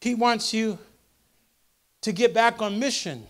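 A man with a very high voice preaches to his congregation. He repeats lines in call-and-response fashion and swells to shouted peaks, speaking from a church service. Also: slow pace. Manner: impassioned preaching that builds to shouted crescendos; repetitive call-and-response rhetoric. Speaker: pastor. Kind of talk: sermon.

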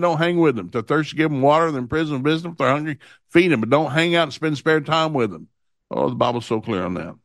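A middle-aged man preaching a sermon, telling stories from his life and reading Bible verses slowly and with emphasis. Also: on the high side, no echo, clean studio sound. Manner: storytelling, animated when acting out anecdotes.

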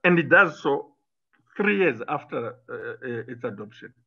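A middle-aged former minister from Zimbabwe argues combatively in a political interview, using frequent fillers and restarts. His mid-range voice is creaky and husky, with lively intonation and an unhurried pace, on dull audio.

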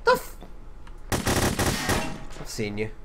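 A young man chatting and trash-talking over a game, joking around and breaking into loud laughs. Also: slow. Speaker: gaming channel host. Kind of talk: casual gaming banter.

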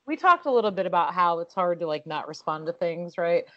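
Animated woman co-hosting a podcast. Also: lowish voice, fairly quick. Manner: animated, opinionated, with profanity and restarts. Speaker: podcast co-host. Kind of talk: casual podcast chat. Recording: slightly dull, muffled audio.

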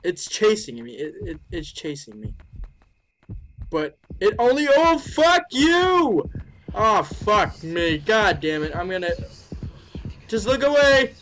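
A person giving let's-play commentary on a horror game. They swear often and mutter their thoughts aloud, then break into high shrieks when startled. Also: fairly bright tone, slight background noise. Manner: muttering and thinking aloud between scares. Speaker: gaming video creator.

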